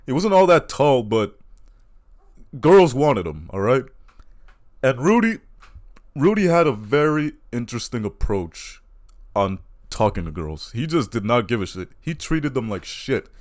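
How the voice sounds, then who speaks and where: A man's voice: medium pitch, very animated, measured pace. A man doing a stand-up comedy routine, telling crude, self-mocking stories.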